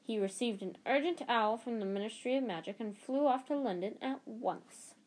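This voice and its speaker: A woman's voice: fairly high pitch, moderate pace, darkish tone, lightly acted. A stern older schoolmistress, read by a woman, cold and curt. She clips her words short, a strict figure from a storybook. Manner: clipped, curt.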